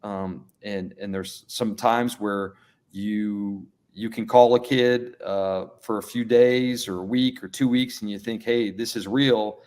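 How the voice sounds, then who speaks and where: A man's voice: lowish voice, fairly even intonation, slow, darkish tone. A middle-aged man, a college basketball coach, giving earnest, plain-spoken interview answers and often repeating words as he thinks.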